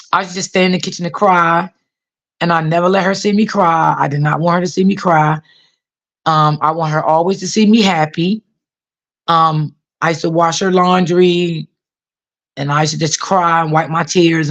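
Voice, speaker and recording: A woman's voice: fairly low pitch, steady tone, normal speed, muffled recording. A woman telling a personal story to her viewers in a casual way, often repeating herself and using many fillers. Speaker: author talking to viewers.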